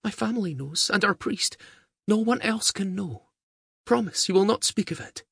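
Male narrator voicing a young girl healer, high and breathy, soft and earnest, storybook. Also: expressive, moderate pace, no echo, studio quality, full character voice.

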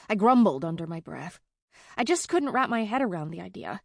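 A woman's voice: mid-range voice, sing-song, brisk, gravelly, no room sound, studio quality. Woman narrating a fantasy audiobook.

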